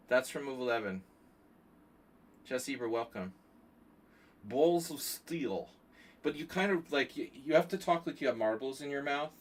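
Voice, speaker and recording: A man streaming blitz chess, thinking aloud through his moves and chatting with viewers as he plays. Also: medium pitch. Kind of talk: live stream commentary while playing blitz chess.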